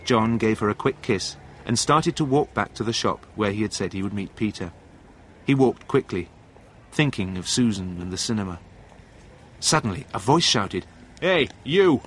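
A man narrating a story in a calm, plain, measured reading voice. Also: on the low side, slight background noise.

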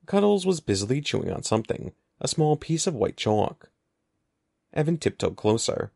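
A man narrating an audiobook in an expressive, lively storytelling manner. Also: mid-range voice, moderate pace, gravelly, no room sound, studio quality. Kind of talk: scripted narration.

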